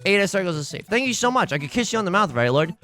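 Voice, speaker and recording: A man's voice: high-pitched, very animated, rapid-fire, bright, forceful tone, soft background music. A man hosting a let's play, giving casual, rambling, self-deprecating commentary while he plays.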